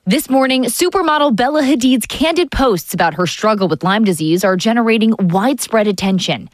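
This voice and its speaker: Brief: female network news anchor, measured scripted read, dry close sound. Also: fairly high pitch, lively intonation, dry recording.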